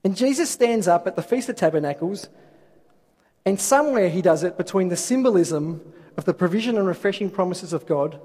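Guy preaching a sermon, high voice, kinda husky, big hall echo. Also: dark tone. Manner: expository, rhetorical questions, reads scripture aloud. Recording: long hall reverb.

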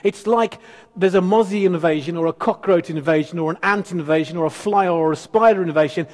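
A man preaching a sermon as pastor, emphatic and animated with conversational asides. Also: sits high, brisk. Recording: long church hall reverb.

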